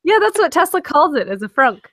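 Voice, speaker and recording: A woman's voice: high voice, sing-song, a little fast, over a noisy crowd. A woman co-hosting a podcast in casual banter, teasing and laughing often. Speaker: podcast co-host. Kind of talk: casual pre-show banter.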